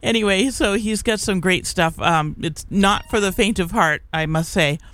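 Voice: medium pitch, normal speed, fairly bright tone. A middle-aged college radio DJ chatting casually on air between songs, rambling with plenty of fillers and restarts. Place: radio studio.

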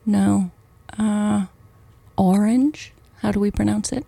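A woman's voice: mid-range voice, steady tone, takes it slowly, gravelly, mellow, slightly rough, dry recording. A woman co-hosting a podcast, chatting casually in a teasing, playful way. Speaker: podcast co-host. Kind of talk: casual chat.

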